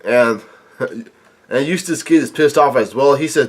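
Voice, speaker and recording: A man hosts his own reaction video, narrating comic panels and throwing in asides at a normal middle pitch. His speech is halting, with repeated restarts and fillers as he stumbles along.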